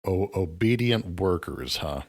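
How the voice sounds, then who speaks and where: A man's voice: low voice, animated, measured pace, husky. A man co-hosting a casual podcast, chiming in with short, wry remarks and questions. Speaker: podcast co-host.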